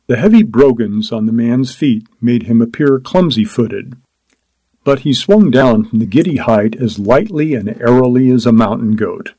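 A man narrating a story aloud in a measured, descriptive reading. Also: medium pitch, mellow, breathy edge, no echo, rough recording. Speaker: audiobook narrator. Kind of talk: scripted narration.

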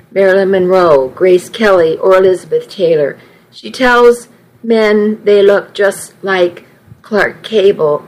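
A woman narrating a first-person story in an unhurried, plain way. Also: mid-range voice, rough recording.

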